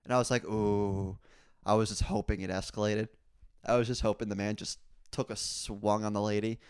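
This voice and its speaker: A young man hosting a casual solo podcast, telling rambling stories full of crude jokes and swearing, and getting louder and higher when he is worked up. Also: level tone, brisk, clean tone, no room sound, clean studio sound. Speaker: podcast host.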